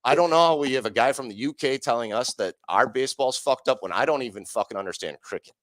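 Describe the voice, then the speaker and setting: A man's voice: mid-range voice, fast, fairly bright tone, dry recording. A man co-hosting a sports talk show, profane and rambling, often correcting himself. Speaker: sports radio co-host.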